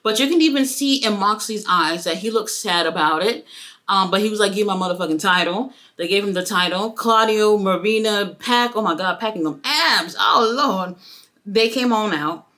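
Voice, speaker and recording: A woman's voice: medium pitch, moderate pace. A woman giving a casual, profane wrestling review, acting out the quotes. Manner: animated, profane, acts out quotes.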